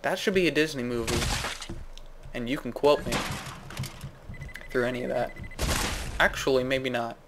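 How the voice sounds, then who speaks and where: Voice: mid-range voice, normal speed, pauses often, background noise. A gaming video host giving goofy, rambling let's-play commentary, saying "like" a lot and jumping to sudden yelps. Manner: jumps to yelps and squeals.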